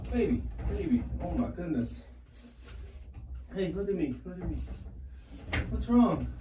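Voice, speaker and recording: Man, worried, coaxing, lively up-and-down voice, echoey bathroom, phone mic from across the room. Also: high voice, recorded from a distance. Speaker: boyfriend being pranked. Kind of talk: casual home video. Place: bathroom, indoors.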